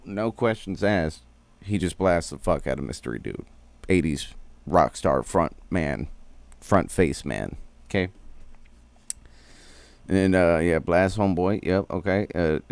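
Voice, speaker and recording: A man's voice: sits low, animated, a little slow, vocal fry, pauses often, no echo. A man streaming a casual, rambling recap of a cartoon episode, full of slang and swearing.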